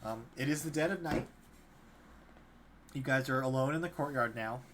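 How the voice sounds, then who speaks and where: A man's voice: medium pitch, moderate pace, fairly bright tone. A man narrating a tabletop game as game master, loosely, with many fillers. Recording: faint background noise.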